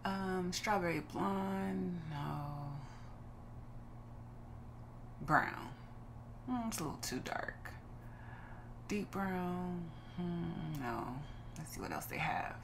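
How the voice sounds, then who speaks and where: A woman's voice: fairly low pitch, extremely slow, gravelly, long pauses, noisy background. A woman from Los Angeles hosting a gaming channel, giving casual, chatty gameplay commentary and musing aloud while she chooses.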